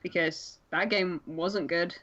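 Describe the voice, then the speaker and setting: A woman co-hosting a gaming podcast, speaking slowly and unhurriedly in an easygoing, chatty way. Her voice comes through dull, lo-fi online call audio. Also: on the low side, steady tone, a bit bright. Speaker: podcast co-host. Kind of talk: casual chat. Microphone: online call microphone.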